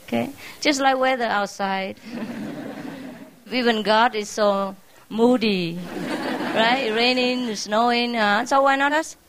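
Woman spiritual teacher, not a native English speaker, fairly high voice, warm teasing farewell full of laughter. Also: slow, noisy background. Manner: laughs often, affectionate and teasing; simple, non-native English phrasing. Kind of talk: informal farewell talk to followers.

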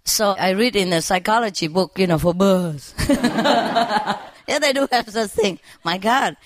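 A woman tells lively stories about her pets in a casual, chatty way. She laughs often and acts out little bits of what the animals say. Her voice sits in an ordinary middle range for a woman. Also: mid-range voice, unhurried, dry recording. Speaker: bird owner. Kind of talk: casual storytelling.

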